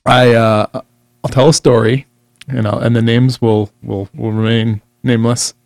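A man's voice: medium pitch, little pitch movement, normal speed, creaky, darkish tone, no room sound, clean studio sound. A man co-hosting a casual chat, blunt and profane, who laughs often. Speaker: podcast co-host.

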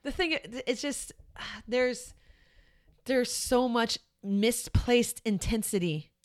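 A woman's voice: fairly high pitch, slow pace. Frank, emphatic woman podcast co-host. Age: 30s. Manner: emphatic, frank, laughs often. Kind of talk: casual chat.

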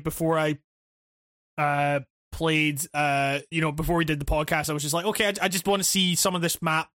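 A man's voice: fairly high pitch, a bit bright, no room sound, studio quality. A man co-hosting a casual podcast, rambling through stories with many restarts. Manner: rambling, full of restarts and fillers. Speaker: podcast co-host.

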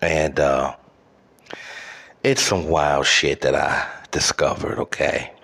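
A man's voice: a bass voice, steady tone, slow pace, gravelly, fairly bright tone, husky. A man hosting a podcast, delivering a profane solo rant with exaggerated outrage and lots of fillers. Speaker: podcast host.

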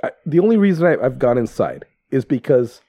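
A man bantering on a casual podcast, swearing freely and ribbing his friends. His voice is warm and mellow, his pitch sits in the middle, and the recording is dry and close. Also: sing-song, a little fast, no echo. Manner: profane, teasing banter. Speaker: podcast co-host. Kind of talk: casual chat.

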